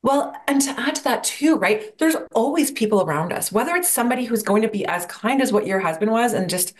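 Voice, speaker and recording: A woman guest on a podcast answers interview questions about burnout in a reflective, coaching manner, posing rhetorical questions. Her voice is expressive, on the high side, and brisk.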